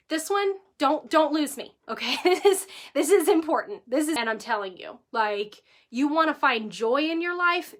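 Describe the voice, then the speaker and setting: A woman in her thirties with a high, bright voice shares a story straight to camera. She is animated and emotional, acting out what people said, then turns earnest as she gives life advice in a casual vlog style. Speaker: vlogger giving life advice.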